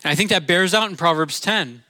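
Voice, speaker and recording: Bright-voiced Midwestern pastor preaching. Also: male voice, high-pitched, animated, fairly quick, dry recording. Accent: Midwestern American. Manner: earnest, conversational preaching with rhetorical questions. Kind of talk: sermon.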